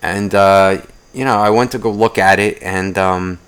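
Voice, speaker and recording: A young man hosting a podcast, telling a rambling everyday story in a profane, animated ranting way. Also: sits low, a little slow, clear, resonant tone. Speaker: podcast host. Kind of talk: casual solo podcast rant.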